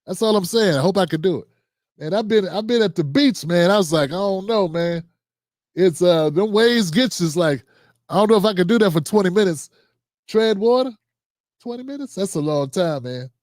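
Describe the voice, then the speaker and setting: A man's voice: high-pitched, animated, fairly quick, darkish tone, no room sound, studio quality. A man hosting a livestream show, reading out viewer comments and signing off in a loose, slangy, chatty way. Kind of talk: casual sign-off and comment shout-outs.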